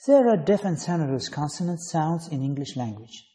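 A man teaching English phonetics, reading out sounds and example words slowly, one word at a time. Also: fairly high pitch, big pitch swings, warm tone. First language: Azerbaijani. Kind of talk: slow phonetics drill, reading word lists.

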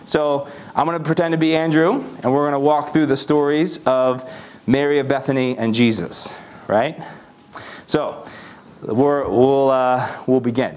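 A man's voice: mid-range voice, fairly even intonation, a little slow, darkish tone. A man preaching a casual first-person sermon as a youth pastor, storytelling with plenty of fillers. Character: the disciple Andrew telling a story.

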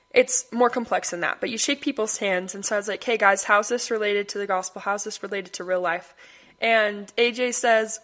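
A woman's voice: a little high, fairly bright tone. A young woman hosting her own podcast, talking casually and rambling, often breaking into laughter. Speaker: podcast host. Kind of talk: casual solo podcast monologue.

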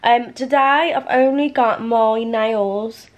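The recording is muffled as a young woman with a slightly high, steady voice chats slowly to camera in a rambling vlog from home. She sounds winded and now and then lowers her voice to nearly a whisper.

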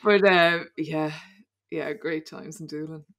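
A woman's voice: sits low, fairly even intonation, slow, lo-fi sound. An Irish woman in her thirties, a podcast guest telling childhood stories in casual chat, rambling and laughing often.

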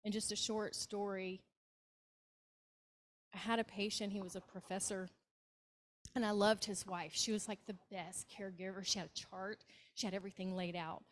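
A woman's voice: medium pitch, steady tone, moderate pace, long pauses. A woman with a Southern US accent, a hospice nurse telling stories to a club meeting and acting out the people in them. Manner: warm anecdotal storytelling with acted quotes. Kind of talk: storytelling talk to a club. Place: meeting room, hybrid meeting.

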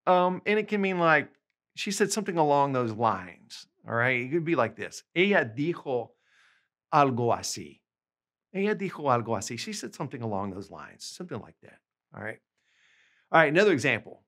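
A man teaching a language lesson, patiently explaining examples and slowing down to say the phrases clearly. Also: medium pitch, very animated, fairly bright tone. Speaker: language tutor.

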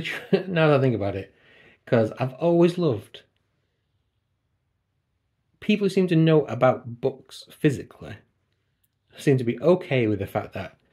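Husky-voiced man rambling about books. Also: mid-range voice, lively intonation, measured pace, pauses often, warm tone. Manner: chatty, digressive, self-deprecating. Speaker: book vlogger. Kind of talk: casual chat. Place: at home by a computer.

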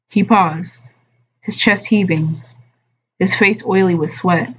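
A woman streamer reading a novel aloud at a slow, measured pace, softly giving voice to the dialogue. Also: on the low side, steady tone, husky. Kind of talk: unhurried audiobook-style reading. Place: home streaming room. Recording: dull lo-fi stream audio.

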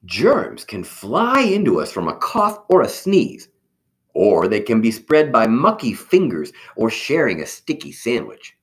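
Slow and expressive, this storybook reader voices a children's picture book aloud in a mid-range male voice.

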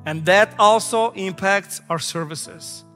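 A man's voice: high voice, takes it slowly, sharp tone. A male pastor in his thirties preaching a sermon, emphatic and repetitive, weaving in stories from his own family. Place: large church sanctuary. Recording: echoey hall with faint music.

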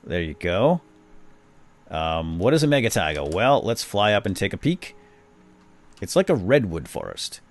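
A man's voice: deep voice, very animated, unhurried, pauses often. A man hosting a casual game walkthrough, upbeat and playful, pointing out new features as he plays. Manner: upbeat, playful, says "groovy" a lot. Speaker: gaming video host.

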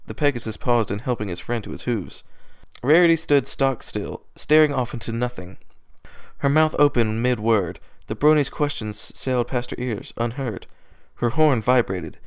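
A man reading a fan-written story aloud at home, steady with small slips and restarts, close to his microphone. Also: medium pitch, clear, resonant tone, no room sound. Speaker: fan fiction reader. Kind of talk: amateur read-aloud narration.

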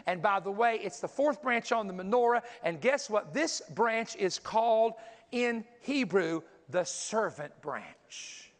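A man's voice: sits high, expressive, measured pace. A man preaching a sermon, teaching energetically, counting aloud and pointing things out as he goes. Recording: long hall reverb.

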